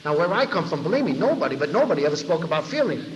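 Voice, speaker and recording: A man tells his story at a recovery meeting, rattling along at a fast clip and acting out other people's lines as he goes. His voice sits a little high for a man. The 1990 tape sounds muffled, and his words ring out with a long hall reverb. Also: slight background noise. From New York. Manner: animated storyteller who acts out others' lines. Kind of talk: storytelling talk to a large audience. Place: large convention hall.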